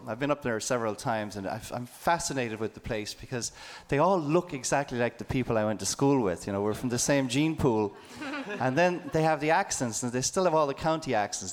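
A man's voice: mid-range voice, long reverb tail. A man from southern Ireland, casually telling a story before a song, with fillers. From southern Ireland, near Waterford. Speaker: singer-songwriter introducing a song. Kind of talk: spoken song introduction.

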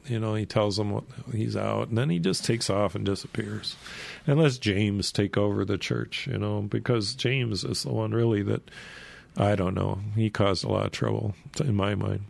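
A man with a gravelly voice casually retelling a Bible story, rambling and chuckling as he goes. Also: on the low side, steady tone, unhurried, darkish tone, dry recording.

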